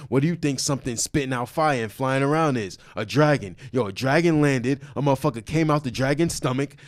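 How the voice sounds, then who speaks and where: A man in a casual podcast conversation who argues his point with animated, profane insistence. His mid-pitched voice sits close and dry on the mic, with no room sound around it. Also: no echo. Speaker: podcast co-host. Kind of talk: casual chat.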